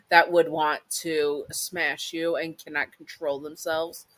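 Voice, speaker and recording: A woman's voice: sits low, fairly bright tone, dry recording, low-quality recording. Rambling, chatty woman storyteller. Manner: rambling, chatty, many asides. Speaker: storyteller and channel host. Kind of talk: casual story narration and chatty outro.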